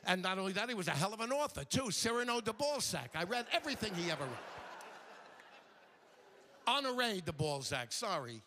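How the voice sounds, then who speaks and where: Animated older New stand-up comic. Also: male voice, high voice. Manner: animated, mimics characters in quick asides. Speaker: stand-up comedian. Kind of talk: stand-up routine. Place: theater stage before a live audience.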